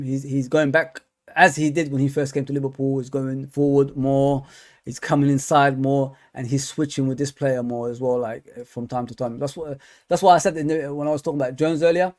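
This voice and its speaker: A man's voice: medium pitch, fairly even intonation, moderate pace, a little mellow. A man hosting a live football review stream for his fan channel. He talks casually and chattily, with lots of fillers and repeated words.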